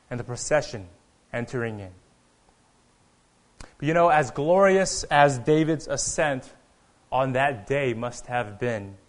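A man preaching a sermon earnestly, rising to loud proclamations and dropping to quiet asides. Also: mid-range voice. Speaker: pastor.

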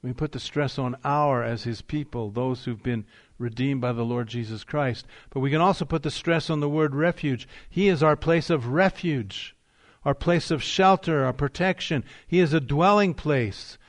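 Man preaching an emphatic sermon. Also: mid-range voice. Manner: emphatic preaching, rising on key phrases, slowing for weight. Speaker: pastor.

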